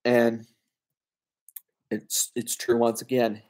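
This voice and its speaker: A man's voice: medium pitch, monotone, takes it slowly, darkish tone. A man giving casual spoken movie reviews on his own, chatty and full of fillers and asides. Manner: conversational, frequent fillers and asides. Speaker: film reviewer.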